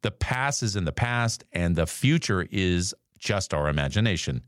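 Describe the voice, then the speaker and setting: A man's voice: low voice, animated, moderate pace, no echo, studio quality. A man hosting a morning motivational podcast, talking conversationally and reading quotes aloud with casual asides. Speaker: podcast host.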